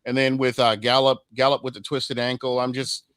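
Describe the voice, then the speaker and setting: A man with a mid-range voice talking through football opinions at an even, considered pace, leaning on filler words. His voice is recorded dry and close, with no roomy echo. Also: medium pitch, smooth. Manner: measured, many "you know" fillers. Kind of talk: casual sports podcast chat.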